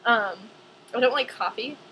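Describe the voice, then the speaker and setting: A young woman ranting casually to camera in a vlog, chatty and animated, with lots of "like". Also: on the high side, normal speed, a little hiss or hum, low-quality recording. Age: young adult.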